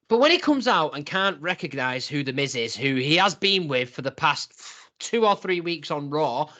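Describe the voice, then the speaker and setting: Young man, higher and bright in tone, animated casual podcast co-host who laughs a lot. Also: normal speed. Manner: animated, laughs often, acts out quotes. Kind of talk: casual review chat.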